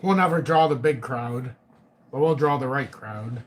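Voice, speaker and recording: A man's voice: medium pitch, moderate pace. A middle-aged man hosting a live chat stream, joking, laughing often and swearing casually. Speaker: livestream host.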